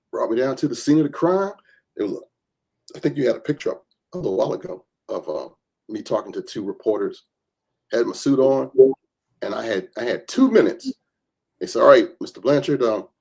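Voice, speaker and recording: A man's voice: mid-range voice, normal speed, creaky, husky. A man, a reverend and gun rights advocate, telling stories as a podcast guest and acting out the people he quotes. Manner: animated storyteller who acts out quoted voices. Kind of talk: storytelling in a podcast interview.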